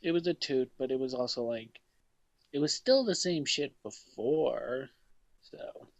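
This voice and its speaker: A man's voice: medium pitch, a little slow, dry recording, dull audio. A man co-hosting a podcast in casual comedic chat, blunt and teasing with plenty of swearing. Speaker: podcast co-host.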